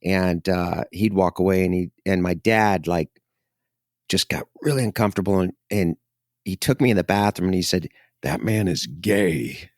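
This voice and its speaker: A middle-aged man with a very low voice co-hosts a casual podcast, spinning rambling anecdotes and acting out the lines of the people in them. The recording is dry and close, with no room sound. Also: normal speed, no room sound. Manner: rambling anecdotes with acted-out quotes. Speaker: podcast co-host. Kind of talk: casual storytelling chat.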